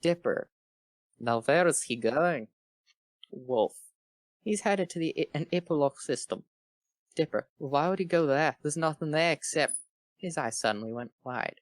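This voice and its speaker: A man's voice: fairly high pitch, animated, dry recording. Man reading fanfiction aloud, dry mic. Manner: reads in quick character voices and breaks off to joke. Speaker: fanfiction reader. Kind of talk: comedic dramatic reading with commentary.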